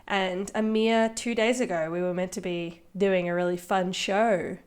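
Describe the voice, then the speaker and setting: A woman with an Australian accent hosting a podcast, playful and theatrical, swinging between loud bursts and soft asides. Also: medium pitch, steady tone, a little slow. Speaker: podcast host. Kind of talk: casual podcast chat.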